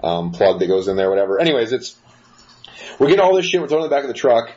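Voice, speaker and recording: Fast-talking profane podcast man, muffled. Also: medium pitch. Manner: profane, rambling, animated storyteller. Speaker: podcast co-host. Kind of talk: casual storytelling chat. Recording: muffled lo-fi recording with faint hiss.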